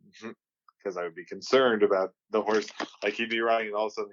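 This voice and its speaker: A man's voice: lowish voice, fairly even intonation, fast talker, dull audio, a little hiss or hum. A man hosting a podcast in casual chat, rambling with lots of "like" and "uh". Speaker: podcast host.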